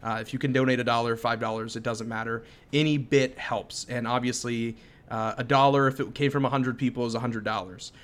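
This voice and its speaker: A man's voice: mid-range voice, fairly even intonation, fairly quick. A man in his thirties co-hosting a podcast, chatting in an upbeat, easily amused way. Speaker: podcast co-host. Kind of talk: casual chat.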